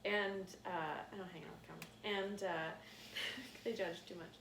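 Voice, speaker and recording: A woman's voice: mid-range voice, moderate pace, vocal fry, slight background noise. A woman co-hosting a podcast in casual chat, telling stories with lots of laughter and acted-out quotes. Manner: laughs often, animated storytelling with acted quotes. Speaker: podcast co-host. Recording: roomy, slightly distant mic.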